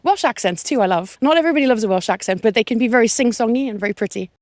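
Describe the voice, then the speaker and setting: A woman answers street interview questions about accents in a chatty, enthusiastic way. Her voice sits at a middle pitch for a woman. The sound is close and dry. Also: expressive, rapid-fire, no room sound.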